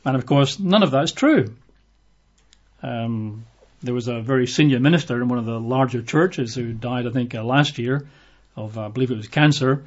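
A man's voice: medium pitch, moderate pace. A man preaching a sermon in a conversational way, acting out the voices he quotes. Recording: dull lo-fi recording.

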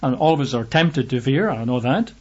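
A man's voice: mid-range voice, expressive, fairly quick, darkish tone, slightly rough, highs cut off. A man preaching a sermon and reading Bible verses aloud, stressing his points by repeating phrases.

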